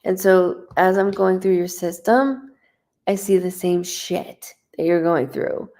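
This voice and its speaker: A woman's voice: lowish voice, steady tone, takes it slowly, dark tone. A woman working as a psychic medium on a casual live stream, talking straight to the viewer in a blunt way and swearing freely.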